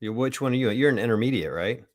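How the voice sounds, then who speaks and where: A man's voice: medium pitch, animated, fast talker. A man co-hosting a podcast, chatting casually and poking fun at himself. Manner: chatty, self-deprecating. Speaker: podcast co-host. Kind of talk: casual chat.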